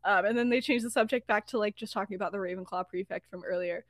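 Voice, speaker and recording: A woman's voice: medium pitch, quick pace, dry recording, clean studio sound. A woman co-hosting a podcast, retelling a story casually, giggly and full of fillers. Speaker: podcast co-host.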